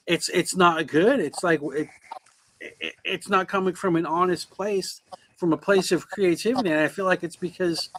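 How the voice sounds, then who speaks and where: A man's voice: sits high, normal speed, fairly bright tone. A middle-aged man co-hosting a casual podcast, opinionated and often repeating words as he gets going. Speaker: podcast co-host. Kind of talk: casual chat.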